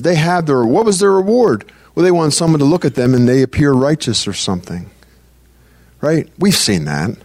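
A man preaching a sermon in a loose, conversational way, often repeating phrases and restarting sentences, and reading scripture slowly. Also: a little high, no room sound.

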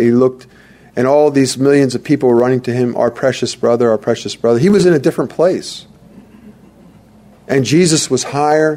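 A man's voice: mid-range voice, a little mellow. A man preaching a sermon in an earnest, conversational way, repeating himself for emphasis.

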